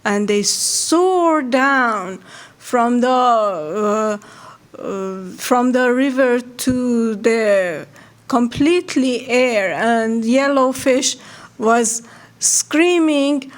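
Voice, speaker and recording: A woman tells a folk tale aloud for a radio audience in a slow, unhurried way. Her voice sits a little high, and she pauses and restarts often as she searches for words. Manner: slow, halting telling with many restarts. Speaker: storyteller.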